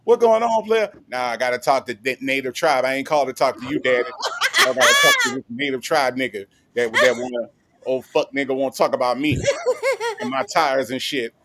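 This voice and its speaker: A man's voice: mid-range voice, sing-song, a little fast, very noisy. A man, co-hosting a livestream chat, mocking and laughing often. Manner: mocking, laughing often, drops into put-on street voice. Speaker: co-host.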